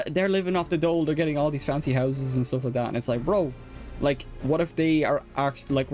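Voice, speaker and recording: A young Irishman with a mid-range, slightly mellow voice chats casually while streaming a game. He rambles, using lots of fillers and restarts, and laughs often.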